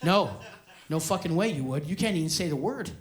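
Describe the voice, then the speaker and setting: A man, a stand-up comedian telling a story loudly and profanely on stage. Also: on the high side, animated, brisk, noisy background. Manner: loud, profane, often yelling. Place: theater stage before a live audience. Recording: live show with audience laughter.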